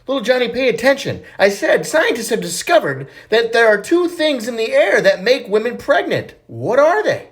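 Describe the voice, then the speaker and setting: A man voicing a prim, bossy female schoolteacher in a high squeaky voice. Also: animated, rapid-fire, few pauses.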